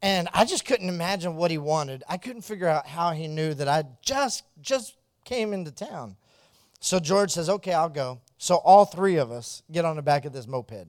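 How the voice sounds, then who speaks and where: A man telling a mission story as a testimony. He laughs often, acts out the dialogue and drops to a hushed, earnest tone when it turns serious. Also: a little high, lively intonation, moderate pace, no echo, studio quality.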